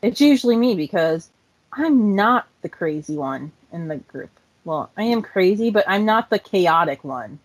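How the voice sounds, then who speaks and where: Soft-spoken, teasing woman. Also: mid-range voice, lively intonation, moderate pace, poor audio. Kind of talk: casual chat.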